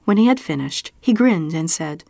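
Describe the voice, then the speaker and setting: A woman's voice: sits low, lively intonation, normal speed, creaky, no room sound. A woman reading literary fiction aloud with intense, vivid delivery. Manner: intense, drops to a hushed whisper at moments. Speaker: reader.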